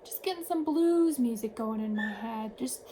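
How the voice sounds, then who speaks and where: A woman vlogging, casually telling a story to the camera in an animated way, shifting her tone as she retells events. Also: on the high side, moderate pace, a little hiss or hum, poor audio.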